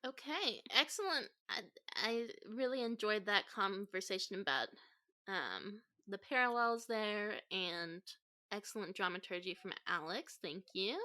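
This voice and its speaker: A woman hosts a casual podcast, steering the talk and handing off to others, with frequent ums. Her voice is bright and clear at an ordinary pitch for a woman. She sounds easygoing and organized. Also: animated, measured pace. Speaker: podcast host. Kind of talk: casual discussion.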